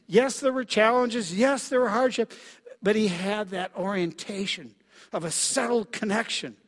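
A middle-aged man from Minnesota preaching a sermon as pastor, reflective and halting, with frequent fillers and soft dips in his voice. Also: a little high. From Minnesota, USA. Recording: long reverb of a large hall.

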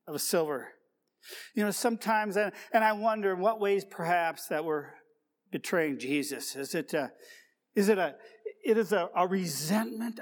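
A male pastor delivering a sermon, reflective and full of rhetorical questions and repeated key words. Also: high-pitched. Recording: long reverb of a large hall.

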